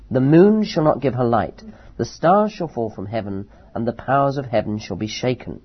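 A man teaching verse by verse from the Bible, reading scripture slowly and then explaining it with emphatic rises. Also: mid-range voice, husky. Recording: dull lo-fi recording.

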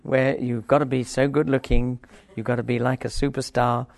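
An older man teaching a Bible passage informally, rambling with wry asides and reading the scripture aloud forcefully. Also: medium pitch, flat delivery, moderate pace, vocal fry, a little hiss or hum.

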